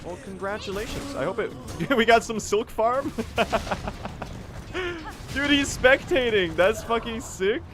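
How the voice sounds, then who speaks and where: A man's voice: very high voice, measured pace, music in the background. A young man doing live, joking gameplay commentary as a speedrun streamer. He chats to his viewers and swears casually.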